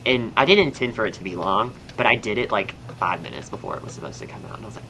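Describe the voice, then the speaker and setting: Background noise surrounds a young podcast host and astrologer with a Southern accent as he rambles cheerfully, using plenty of fillers. He talks quickly and animatedly in a lowish, gravelly voice.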